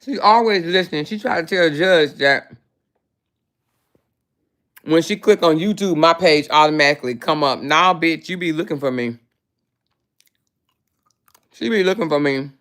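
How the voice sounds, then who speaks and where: A woman's voice: deep voice, animated, normal speed, long pauses, a bit bright. A woman hosting a casual livestream, talking in a brash, profane, mocking way. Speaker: livestream host.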